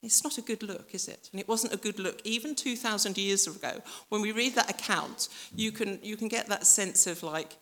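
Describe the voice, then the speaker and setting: A woman's voice: mid-range voice, normal speed, hardly any pauses, a bit bright. A woman preacher giving a reflective, conversational sermon that speaks directly to the listeners and acts out voices from the story.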